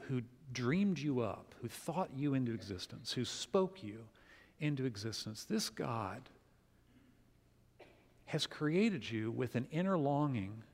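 Animated storytelling pastor in a reverberant hall. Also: male voice, medium pitch. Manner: animated storyteller, acts out quotes. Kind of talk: sermon with storytelling.

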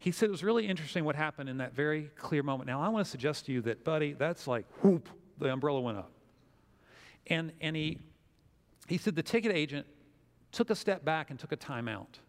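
A man preaching a sermon as pastor, telling a story with lively acted-out quotes. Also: a little high, a little fast, long reverb tail.

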